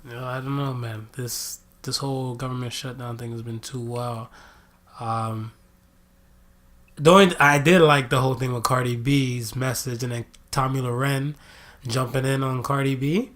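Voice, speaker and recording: A man co-hosting a podcast in casual chat, relaxed, agreeing quickly and talking in loose slang. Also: medium pitch. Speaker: podcast co-host.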